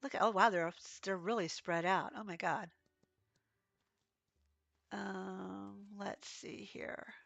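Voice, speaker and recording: A woman streaming a game, hoarse and coughing from being sick, chatting and telling rambling stories as she plays. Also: medium pitch, steady tone, takes it slowly, pauses often, a bit bright, no echo. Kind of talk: casual livestream chat while playing.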